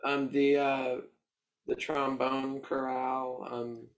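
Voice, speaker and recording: A man's voice: medium pitch, flat delivery, takes it slowly. A male student answering briefly and hesitantly over a video call. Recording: distant, dull video call audio.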